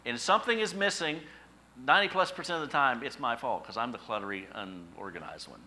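A middle-aged male pastor preaching a sermon, telling stories with emphatic, animated repetition. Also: medium pitch, brisk, poor audio.

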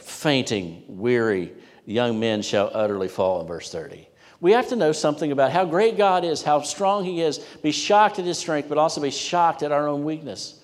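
A man's voice: expressive, moderate pace. Emphatic preacher man in a reverberant hall. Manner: emphatic, rising loud on scripture, dropping low on asides. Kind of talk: sermon.

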